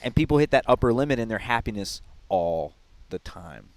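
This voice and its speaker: A man hosting a podcast, calmly guiding a coaching conversation and inviting his guest in. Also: medium pitch, fairly quick, no echo.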